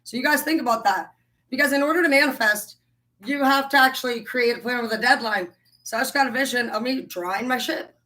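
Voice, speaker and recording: Young female livestream host with a bright tone, rambling and cursing. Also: on the high side, fairly quick, low-quality recording. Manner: profane, heated, rambling. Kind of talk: casual livestream rant.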